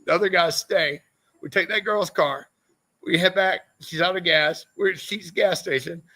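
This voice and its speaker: A man with a high, gravelly voice spins loose, swearing-heavy racing tales in a casual podcast chat. His tone is bright and sharp, and his stories wander from one anecdote to the next. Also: moderate pace, low-quality recording. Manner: profane, rambling anecdotes. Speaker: podcast guest, former motorcycle racer. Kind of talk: casual storytelling interview.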